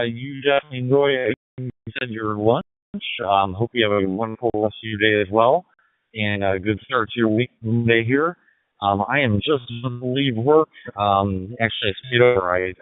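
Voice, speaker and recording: A man with a fairly low voice comes through a thin, phone-like digital radio channel. He talks hesitantly from his car, filling pauses with "uh" and "um" as he makes his ham radio contact. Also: dry recording. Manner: hesitant, many fillers. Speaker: amateur radio operator. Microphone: mobile radio handset.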